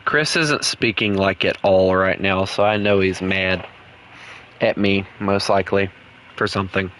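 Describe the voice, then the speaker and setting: A man chatting casually while playing an online game, his voice bright and forceful. He talks offhand and half to himself, trailing off into mumbled asides. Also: deep voice, fairly even intonation, unhurried, slight background noise. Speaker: game streamer. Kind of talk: casual gameplay commentary.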